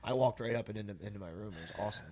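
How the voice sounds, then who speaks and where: A man's voice: lowish voice, very fast, warm tone. A young man hosting a podcast in casual chat, rambling and cursing, his sentences full of fillers and restarts. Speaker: podcast host.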